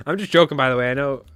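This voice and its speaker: A man chats loosely on a live fly tying stream, joking with viewers and drifting between stories. His voice sits at an ordinary middle pitch, and soft music plays beneath him. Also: clean tone, no room sound. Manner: joking, rambling, talks back to chat. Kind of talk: casual live-stream chat.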